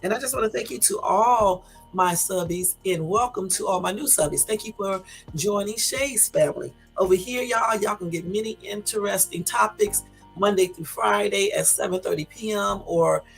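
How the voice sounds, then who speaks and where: A middle-aged woman chats loosely through a live stream, talking fast and rambling from one point to the next. Her voice sits at an ordinary middle pitch, and faint music plays underneath. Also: gravelly. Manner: talks very fast, chatty and rambling. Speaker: livestream host. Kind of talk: casual livestream chat.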